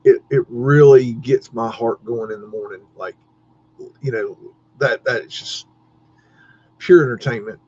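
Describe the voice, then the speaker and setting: A man rambles slowly through a casual live-stream chat, breaking into laughter often and restarting his sentences. His voice is husky, and the stream audio sounds dull and lo-fi. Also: medium pitch, fairly even intonation, darkish tone. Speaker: livestream host.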